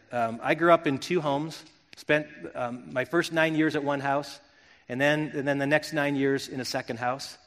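A middle-aged Wisconsin pastor preaches earnestly and reflectively, often looping back to restart a phrase. His voice is a little high for a man and a bit bright, and a long reverb surrounds him as though he's in a large hall.

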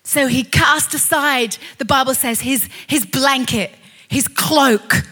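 A woman preaching a sermon, building to impassioned, shouted declarations. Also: high voice, takes it slowly, breathy edge.

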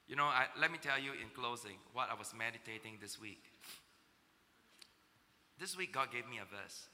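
A male pastor delivers an emotional sermon in a church auditorium, his bright, high voice ringing with long reverb. He speaks slowly, rising to loud cries and dropping to near whispers. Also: slight background noise. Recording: long reverb of a large hall.

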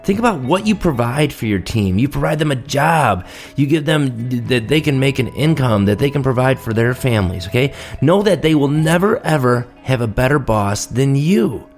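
A man in his thirties talks through a casual solo podcast episode at a middle pitch, storytelling with real enthusiasm. He slips into voiced quotes of other people as he goes. Faint music plays softly underneath. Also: lively intonation, normal speed. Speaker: podcast host, dentist.

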